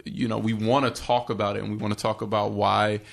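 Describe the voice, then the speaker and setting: A man's voice: on the low side, flat delivery, fast talker, gravelly. A man who is a stand-up comedian, chatting as a podcast guest and often restarting his words. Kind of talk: casual podcast chat.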